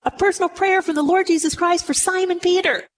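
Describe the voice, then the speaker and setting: A woman's voice: very high voice, steady tone, a little fast, slight background noise, poor audio. A woman giving a conversational Bible lesson, often putting rhetorical questions to her listeners. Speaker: Bible teacher.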